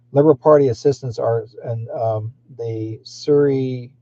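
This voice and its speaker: A psychic livestream host talks in a warm, unhurried manner, his medium-pitched voice fairly even in intonation. His talk rambles, full of fillers and restarts. The stream audio is dull and lo-fi.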